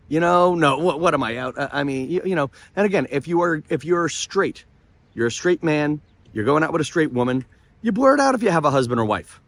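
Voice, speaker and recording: A man hosting his vlog outdoors near the ocean, telling a story in a rambling, excitable way full of restarts and asides. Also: on the high side, a little fast. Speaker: comedian and vlog host.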